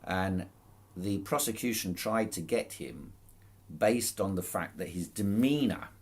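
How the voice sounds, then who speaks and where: A man's voice: sits low, a little slow, darkish tone, husky. A man casually recounting events to camera, amused and chuckling, with frequent restarts and false starts. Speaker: protester recounting a court case. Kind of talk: casual spoken account to camera.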